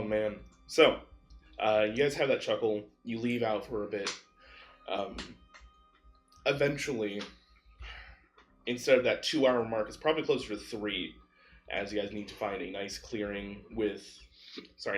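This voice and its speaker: A man narrating as game master in a tabletop game, in a relaxed, rambling way. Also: fairly low pitch.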